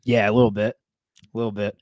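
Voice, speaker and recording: A man co-hosting a casual sports chat, laid-back and quick with wry asides. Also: fairly low pitch, level tone, a little mellow, no room sound, clean studio sound. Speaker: podcast co-host.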